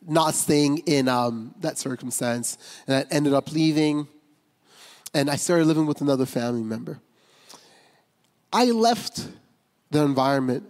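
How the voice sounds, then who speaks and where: A man's voice: fairly high pitch, darkish tone. A man preaching a personal testimony as pastor, speaking candidly and conversationally with many fillers and restarts. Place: church sanctuary. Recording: long reverb of a large hall.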